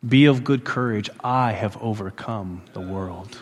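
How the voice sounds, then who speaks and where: A man preaching a sermon who repeats phrases for emphasis, rising to loud emphatic peaks and dropping to hushed endings. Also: lowish voice, a little slow, big-room sound. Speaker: pastor.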